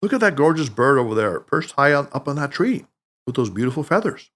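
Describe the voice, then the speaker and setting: A man's voice: big pitch swings, fairly quick, fairly bright tone. A man voicing a teasing, emphatic mentor. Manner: emphatic, teasing, booming laughter. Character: wise playful older male mentor Tanaka.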